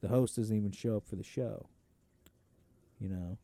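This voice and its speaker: A man's voice: fairly low pitch, normal speed, mellow, no echo. A man co-hosting a casual podcast, blunt and sarcastic, swearing freely. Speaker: podcast co-host. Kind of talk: casual chat.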